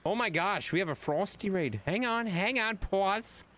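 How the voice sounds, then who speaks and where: A man streaming a game live, joking and swearing with his friends in lively banter. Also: high voice, moderate pace. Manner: excitable, profane, joking.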